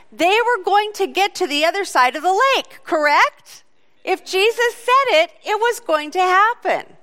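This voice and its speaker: Woman preacher with a high voice and an unhurried, animated sermon delivery. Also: long reverb tail. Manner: animated storytelling, voices quotes.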